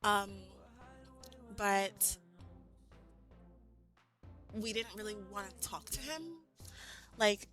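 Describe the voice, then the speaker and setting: A woman streamer telling a story in casual chat, animated and laughing, with lots of "like". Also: medium pitch, very slow, pauses often, soft background music. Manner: animated, laughing, heavy use of "like". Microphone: streaming mic.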